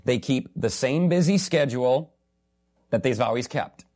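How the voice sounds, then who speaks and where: A male preacher delivering a sermon in an earnest, emphatic voice. He drives points home by repeating them and breaks in with wry, joking asides. His pitch sits in the ordinary middle range for a man. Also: animated, unhurried, a little mellow.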